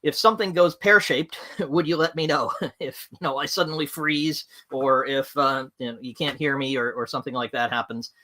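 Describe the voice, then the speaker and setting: A man's voice: mid-range voice, fairly even intonation, moderate pace, pushed and bright. A man hosting a livestream, talking in a chatty, rambling way with lots of fillers. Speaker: livestream host. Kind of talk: opinionated livestream talk.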